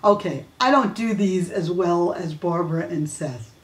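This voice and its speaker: A woman's voice: fairly low pitch, a little slow. A woman hosting a weekly fan news videocast, talking casually and chattily with many fillers and restarts. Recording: roomy echo.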